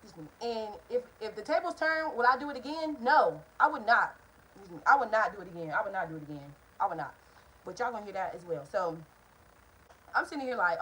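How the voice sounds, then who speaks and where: A woman's voice: medium pitch, expressive, brisk, a bit bright, a little hiss or hum, poor audio. A young woman, telling a candid, heated story straight to her viewers in a casual storytime vlog from her apartment, swearing freely. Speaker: vlogger. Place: hot apartment room, indoors.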